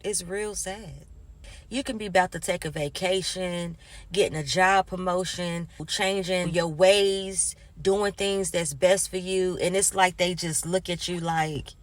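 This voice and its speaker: A woman's voice: fairly low pitch, measured pace, no room sound. A woman vlogger in a casual motivational monologue, speaking emphatically and acting out what other people say. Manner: emphatic, acts out quoted people in animated asides.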